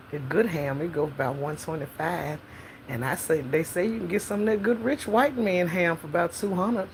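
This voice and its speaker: A middle-aged woman spins a freestyled comic tale, sassy and profane and quick to laugh. Her voice sits a little low. A faint hiss runs under the recording. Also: low-quality recording. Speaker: podcast host telling a story in character.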